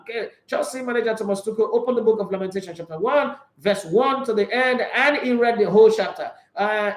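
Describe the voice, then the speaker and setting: A man hosting an opinionated football show, talking in an animated, emphatic way full of rhetorical questions. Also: high-pitched. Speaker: sports show host. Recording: roomy echo.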